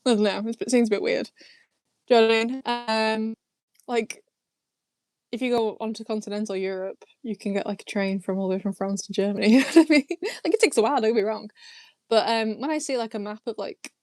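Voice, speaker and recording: A woman's voice: on the high side, a little mellow, no room sound. A young English woman from Lancashire, chatting casually as she answers viewer questions, rambling and laughing often. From Lancashire, England. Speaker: YouTube host answering chat. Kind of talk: casual live chat Q&A.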